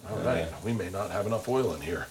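A man's voice: deep voice, fast talker, crowd noise. A man hosting a cooking show, chatting casually and upbeat while he cooks in a kitchen, swearing now and then. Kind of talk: casual cooking demo chat. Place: home kitchen.

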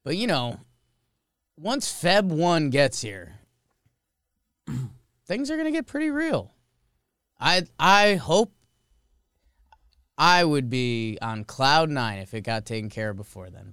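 A man's voice: mid-range voice, slow pace, gravelly, pauses often, smooth, no room sound, clean studio sound. A man co-hosting a podcast, chatting casually and jokily about sports. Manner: animated, joking, rambling. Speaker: podcast co-host.

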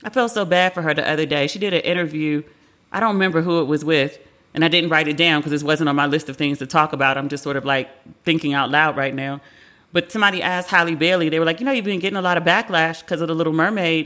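A woman's voice: low-pitched, a bit bright. A woman in her forties hosting a casual pop culture podcast, talking candidly, swearing freely and acting out quotes. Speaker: podcast host.

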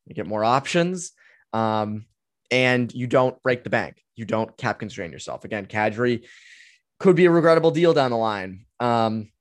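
A man's voice: mid-range voice, no room sound, clean studio sound. A man in his twenties hosting a solo sports podcast, talking casually and opinionatedly with many fillers as he answers listener questions. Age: 20s. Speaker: podcast host.

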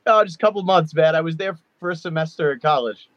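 A man's voice: a little high, fast talker, fairly bright tone, dry recording. Rambling man on a dull video call. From Long Island, New York. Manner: rambling, lots of fillers and likes. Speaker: guest musician. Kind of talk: casual interview chat. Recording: dull lo-fi remote audio.

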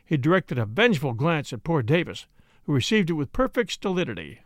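A man reading a classic mystery novel aloud in measured, scripted narration. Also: on the high side, sing-song, dry recording, clean studio sound. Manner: measured storytelling. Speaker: audiobook narrator.

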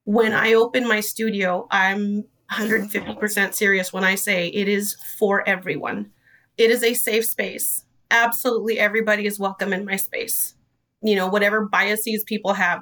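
A woman speaking as an interview guest in an earnest, emotional storytelling way. Her voice is bright and forward. She sits a little back from the microphone. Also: mid-range voice, steady tone, normal speed, distant mic. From Idaho. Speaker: dance studio director.

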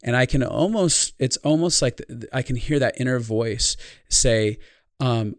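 In a podcast interview, a man who works as a life consultant earnestly shares a reflective story from his own life. He speaks a little slowly in a mid-range voice, and the recording is dry and studio quality.

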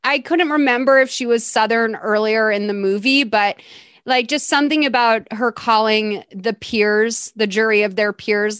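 A woman's voice: fairly high pitch, normal speed, fairly bright tone, clean tone, no echo. A young adult woman hosting a podcast, recapping a movie in a chatty, sarcastic way. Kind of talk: casual movie recap chat.

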